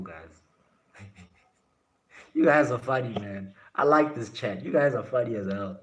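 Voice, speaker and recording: Man, lowish voice, from south africa, blunt casual live-stream chat, laughs a lot. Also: moderate pace, fairly bright tone. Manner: blunt, laughs often, answers viewer chat.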